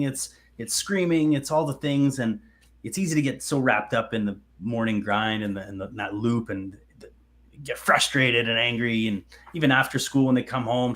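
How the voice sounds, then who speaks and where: A man's voice: mid-range voice, fairly bright tone. A man in his thirties hosting a podcast, telling stories in a casual chat, swearing freely and laughing as he goes. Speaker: podcast host.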